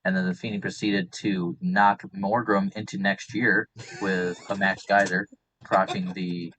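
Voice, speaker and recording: A man co-hosting a stream, walking through a match recap step by step with many filler pauses. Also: low voice, little pitch movement, fairly bright tone, slight background noise, poor audio. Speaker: draft league recap co-host. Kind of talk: casual play-by-play recap.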